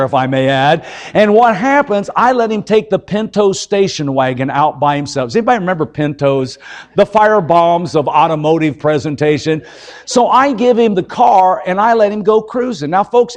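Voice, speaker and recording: Middle-aged male evangelist, high voice, folksy jokey sermon that keeps calling on "folks". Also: a little mellow.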